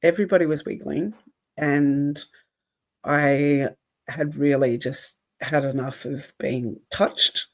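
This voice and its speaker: A woman co-hosting a podcast in casual chat, talking in a reflective, measured way with soft laughs. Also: deep voice, fairly even intonation. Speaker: podcast co-host.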